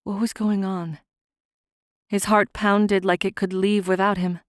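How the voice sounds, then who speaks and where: A woman narrating a fantasy audiobook in a measured, soft-spoken reading on a close studio mic. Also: mid-range voice, flat delivery, dry recording.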